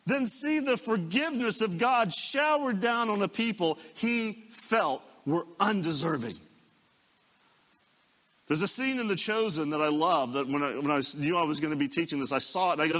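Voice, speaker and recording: A man preaching a sermon as a pastor, telling the story dramatically and dropping into hushed asides. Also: high voice, animated, moderate pace, long reverb tail.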